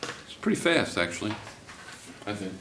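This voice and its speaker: A man's voice: on the low side, sing-song, moderate pace, a bit bright, recorded from a distance, a little hiss or hum. A man teaching a physics class, joking and teasing his students as he works through problems. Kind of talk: classroom lesson. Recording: echoey classroom.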